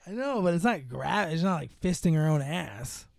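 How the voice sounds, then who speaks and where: Young male co-host, high smooth voice, dry close sound, rambling movie recap full of "like". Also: very animated, normal speed, no room sound. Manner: rambling, filler-heavy storytelling, acts out lines in higher voices. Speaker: podcast co-host. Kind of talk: casual movie recap chat. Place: home room.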